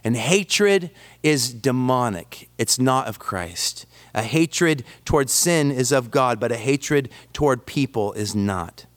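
Guy preaching a sermon, smooth resonant voice, jokey stories about himself, mid-pitched. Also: slow pace, few pauses. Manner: animated storytelling with self-deprecating humor. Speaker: pastor.

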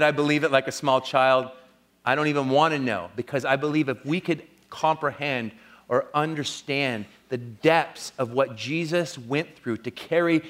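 A man preaching a sermon as pastor, earnest, rising to strong emphasis and dropping to a hushed, intimate tone when telling a story. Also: fairly high pitch.

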